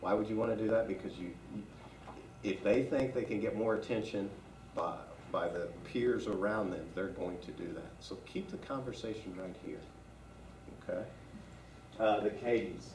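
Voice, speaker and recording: A man's voice: fairly low pitch, moderate pace, darkish tone, a little hiss or hum. A man leading a staff training class, talking conversationally and asking the room questions. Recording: echoey room from far off.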